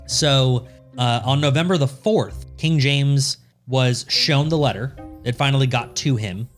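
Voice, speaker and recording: A man's voice: medium pitch, measured pace, faint music behind. A man co-hosting a podcast, telling a history story in a casual, profane way and laughing often.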